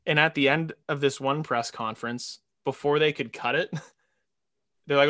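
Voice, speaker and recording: A young man co-hosting a casual sports podcast, animated, laughing often and mimicking quotes. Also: a little high, unhurried, no room sound. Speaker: podcast co-host.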